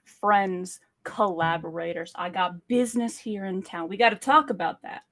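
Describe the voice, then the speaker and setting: A woman's voice: on the low side, normal speed, fairly bright tone. A woman voicing a guarded male mobster who answers in short, defensive lines. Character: gruff guarded male mobster, evasive with family.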